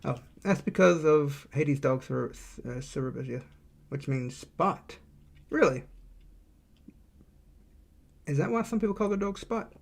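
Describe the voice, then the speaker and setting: A man's voice: a little high, lively intonation, measured pace, creaky, long pauses. A man streaming his indie game development, chatting casually and thinking aloud while he draws and reads chat.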